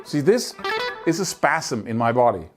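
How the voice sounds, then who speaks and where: A man's voice: mid-range voice, big pitch swings, unhurried. A man teaching guitar, explaining picking technique earnestly and emphatically, often sounding out rhythms with syllables. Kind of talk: instructional talk to camera.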